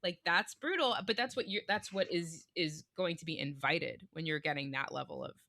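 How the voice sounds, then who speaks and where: A woman's voice: lowish voice, moderate pace, pushed and bright. A woman with a Long Island accent, co-hosting a casual podcast chat about books and hedging her points with lots of fillers. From Northeastern US. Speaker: podcast co-host.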